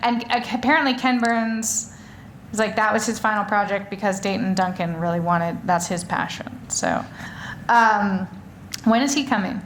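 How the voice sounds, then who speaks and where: This woman author speaks in front of an audience in a live stage conversation, her medium-pitched voice steady and fairly bright at a moderate pace. She wanders chattily through many fillers and restarts, with slight background noise behind her.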